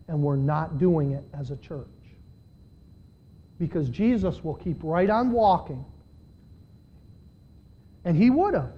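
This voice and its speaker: A man preaching a sermon to his church, swinging between loud, pleading passages and quiet asides. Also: fairly high pitch. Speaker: pastor. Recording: dull lo-fi sermon recording.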